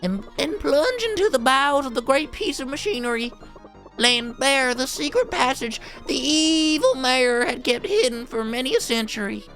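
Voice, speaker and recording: A woman's voice: sits high, lively intonation, normal speed, a bit bright, faint music behind. A woman voicing a pompous, theatrical male adventurer who tells grandiose tales in a melodramatic way. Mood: boastful.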